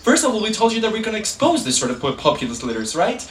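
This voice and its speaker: A young man giving a competitive debate speech in a hall, quick and sarcastic, drawing laughs from the room. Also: high-pitched, wildly swooping pitch. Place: lecture hall. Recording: echoey hall, distant mic, faint room noise.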